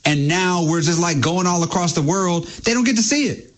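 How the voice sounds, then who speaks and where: A man's voice: sits high, expressive, brisk. A man co-hosting a radio show who rambles impatiently and says "like" again and again. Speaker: radio co-host. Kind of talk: sports radio talk. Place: radio studio.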